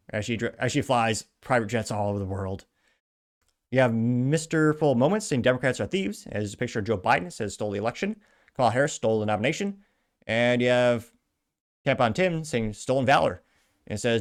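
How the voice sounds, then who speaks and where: A man hosting a political commentary show, reading social media posts aloud and reacting with sarcastic, muttered asides. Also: mid-range voice.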